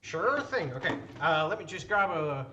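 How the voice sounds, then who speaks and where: A man's voice: fairly high pitch, big pitch swings, moderate pace, echoey room, background noise. A man voicing a touchy rural farmer with a Southern American drawl. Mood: gruff.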